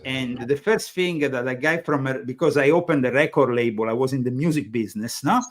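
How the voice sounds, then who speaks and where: A man's voice: medium pitch, a little fast. A man with an Italian accent, hosting a talk show in a rambling, hesitant conversational way, full of fillers. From Italy. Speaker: show host. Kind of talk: casual conversational interview.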